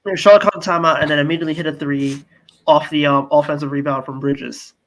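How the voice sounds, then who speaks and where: A man's voice: a little high, steady tone, fast, a bit bright, poor audio. Ranting young man on a sports podcast. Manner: exasperated, swears often, rants. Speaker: podcast co-host. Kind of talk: casual sports podcast chat.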